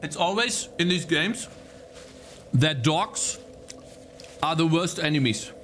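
A young man streaming live gameplay commentary, swearing and yelling at the game, then apologizing. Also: fairly high pitch, expressive, slow pace, slight background noise.

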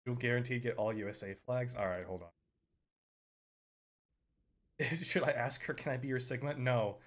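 A young man streaming a game, chatting casually with viewers, laughing often and breaking into loud outbursts. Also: medium pitch, a little fast. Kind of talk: casual live-stream commentary.

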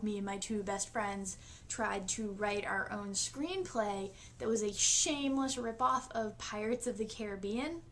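A young woman vlogging from her bedroom, with deadpan, self-mocking asides. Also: on the high side, a little hiss or hum. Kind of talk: comedic solo vlog.

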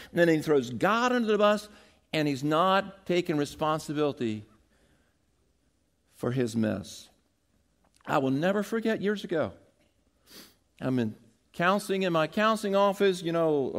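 A man preaching a sermon as pastor, animated, acting out quoted lines and leading the congregation in call-and-repeat. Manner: animated, acts out quotes with big pitch jumps, has congregation repeat lines.

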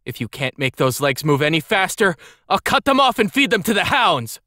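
A man's voice: high voice, sing-song, drawn-out words, dry recording, clean studio sound, voice pushed up, full character voice. A man voicing an arrogant, cruel young lady who snaps contemptuous insults at her servant. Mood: scornful, imperious. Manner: contemptuous, snapping and shouting insults.

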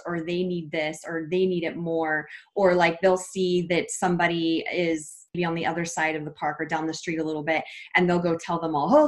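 A woman and mother chatting as an interview guest, warm and rambling, often restarting. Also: lowish voice. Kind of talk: casual interview chat.

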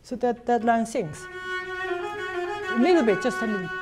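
A woman teaching a cello master class, coaching a student directly in halting phrasing and singing passages on syllables to show them. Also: on the high side, lively intonation, over loud music. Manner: sings phrases on syllables to demonstrate.

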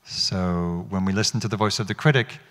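Deep-voiced man giving a reflective dharma talk. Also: brisk, a bit bright, big-room sound. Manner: reflective, many questions to the audience, frequent restarts. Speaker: meditation teacher.

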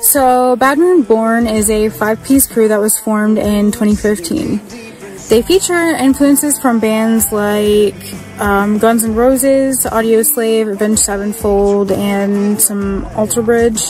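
Brisk, blunt woman reviewing music. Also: a little high, fairly even intonation, a little mellow, poor audio. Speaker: podcast reviewer.

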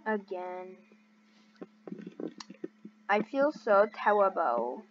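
A woman's voice: mid-range voice, very animated, very slow, a little hiss or hum. A woman hosting a gaming video in casual chat, playful and goofy, chanting and counting in a sing-song way. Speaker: gaming channel host. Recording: dull lo-fi recording.

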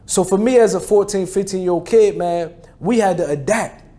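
A man's voice: high-pitched, moderate pace, warm tone. A man in his forties from New Jersey telling his life story in a casual, slangy way, often restarting and adding "you know what I mean.". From New Jersey, USA. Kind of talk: personal storytelling talk.

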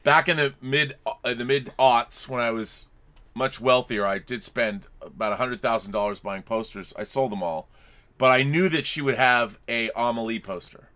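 A man's voice: mid-range voice, normal speed, a bit bright. A man co-hosting a casual chat over wine, who keeps pressing and teasing with the same question. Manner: teasing, insistent, repeats himself. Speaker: podcast co-host.

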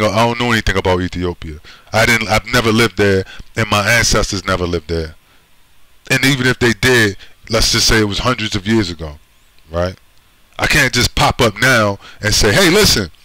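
Forceful, low-voiced, blunt American man. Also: no echo, poor audio. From United States. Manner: insistent, repeats "right?" and "you see?"; profane, blunt. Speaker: video commentator. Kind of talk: emphatic monologue.

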